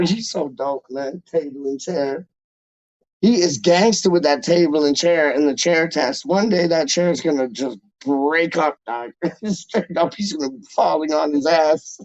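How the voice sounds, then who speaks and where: A man's voice: on the high side, measured pace, a little mellow, no room sound. A man hosting a casual live stream, rambling in slangy talk full of filler words as he reads out chat messages. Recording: dull lo-fi dry recording.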